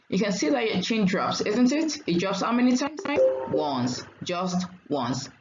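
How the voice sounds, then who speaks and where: A woman teacher giving a diction lesson, saying each word slowly and clearly and repeating it for learners. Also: medium pitch, big pitch swings, echoey room, lo-fi sound, a little hiss or hum.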